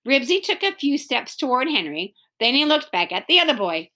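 Bright, expressive woman reading a storybook. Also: sits high, a little fast. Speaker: reader. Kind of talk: reading a children's chapter book aloud.

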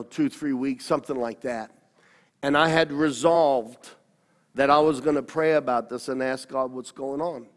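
A man, a pastor telling his personal story in an interview, earnest and often correcting himself. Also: a little high. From Australia. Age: 60s. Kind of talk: personal testimony. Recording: long hall reverb.

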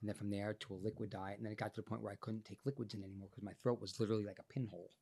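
A man, an actor guest on a podcast, telling a story in a profane, animated way, his voice changed by illness. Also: fairly low pitch, racing, husky. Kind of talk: casual podcast interview storytelling.

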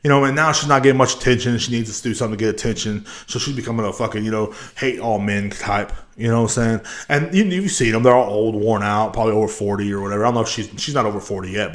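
A young man hosting his own podcast, ranting in a crude, rambling and profane way. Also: on the low side. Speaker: podcast host. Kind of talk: casual rant.

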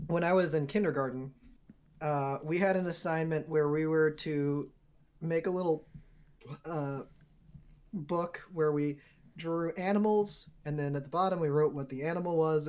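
A young woman casually telling a story to friends, animated and swearing, acting out the quotes. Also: low-pitched.

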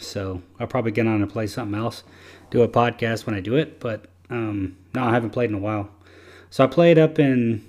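A man's voice: mid-range voice, a little mellow. A man hosting a casual podcast chat, rambling and easygoing with lots of fillers. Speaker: podcast host.

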